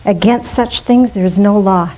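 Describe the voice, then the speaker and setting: A middle-aged woman leading a spiritual fellowship, preaching in a chatty, playful way and slipping into soft gushing voices now and then. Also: mid-range voice, measured pace, rough recording. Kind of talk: casual sermon.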